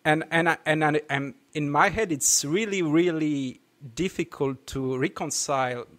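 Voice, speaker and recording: A man's voice: a little high, a bit bright. French-accented man hosting a podcast. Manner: halting, many restarts, laughing often. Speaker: podcast host. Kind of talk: casual podcast chat.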